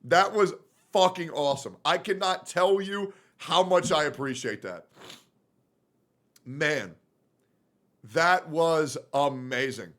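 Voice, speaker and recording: A male streamer reacting live, excitable and profane, breaking into loud shouts. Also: fairly high pitch, takes it slowly, pauses often.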